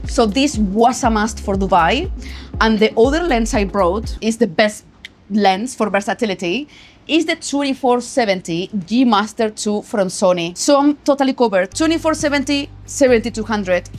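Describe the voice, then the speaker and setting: A chatty young woman with a Spanish accent walks through her travel gear in a casual vlog. Her voice sits fairly high and she leans on words for emphasis. Soft music plays underneath. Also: lively intonation, moderate pace. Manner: chatty, emphatic, tags lines with "okay?". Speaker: photography vlogger. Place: travel location.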